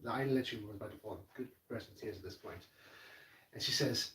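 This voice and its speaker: A man's voice: lowish voice, quick pace, pushed and bright, recorded from a distance. A man telling a rambling, emotional story to camera as a model railway hobbyist, stumbling over restarts and repeated words. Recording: echoey room, voice off-mic.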